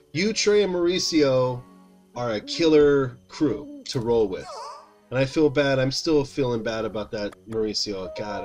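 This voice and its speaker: A man's voice: mid-range voice, darkish tone. Tired, chatty man streaming a game. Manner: rambling, chatty, talks to chat by name. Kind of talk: casual chat while gaming.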